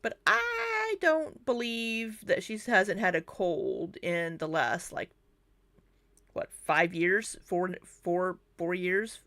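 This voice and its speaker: A woman talking over clips in an unhurried, chatty way, her voice a little low. The sound is dry and close, with no room around it. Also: lively intonation, a bit bright, no echo. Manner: chatty, laughs often, speaks slowly. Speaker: commentary channel host. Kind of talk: reaction commentary on clips.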